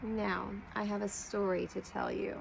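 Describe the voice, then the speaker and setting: A woman teaching a preschool class, speaking slowly and clearly as she sounds out letter blends for young children. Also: mid-range voice, little pitch movement, slight background noise, rough recording. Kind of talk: slow read-aloud lesson for young children.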